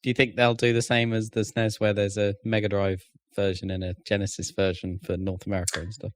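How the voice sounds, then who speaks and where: British podcast co-host, lowish voice, dry and brief in banter. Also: male voice, level tone, a little fast, dry recording. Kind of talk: casual chat.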